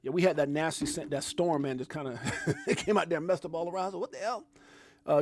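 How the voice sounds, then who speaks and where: A man hosting a casual live stream, hyped and effusive, giving one shout-out after another to people watching. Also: on the high side, quick pace, no room sound. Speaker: livestream host. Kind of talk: casual live-stream chat reading out viewer names.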